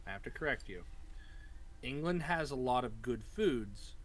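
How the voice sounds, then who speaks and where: A woman's voice: extremely low pitch, lively intonation, measured pace. A woman guest in casual chat, easygoing and agreeable.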